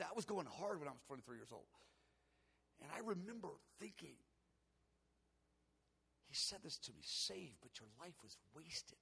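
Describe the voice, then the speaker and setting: A middle-aged man delivering an earnest, emotional sermon testimony. His voice is gravelly and a little husky, pitched slightly high for a man. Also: a bit bright. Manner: earnest, emotional storytelling with rising intensity. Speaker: preacher.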